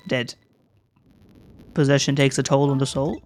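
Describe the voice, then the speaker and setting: A man's voice: medium pitch, flat delivery, measured pace, pauses often. A man casually commenting while playing a video game, reading the game's text aloud and swearing offhandedly.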